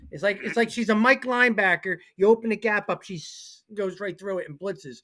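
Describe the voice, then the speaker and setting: A man in his forties co-hosting a sports talk show, telling rambling, self-deprecating stories in an excitable, casual way. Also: sits high, brisk. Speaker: co-host and football coach.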